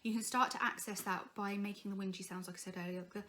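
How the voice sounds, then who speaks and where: A woman's voice: medium pitch, fast talker, few pauses, a bit bright. A young woman coaching singing in a chatty, encouraging way, breaking into vocal demonstrations. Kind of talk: informal singing tutorial.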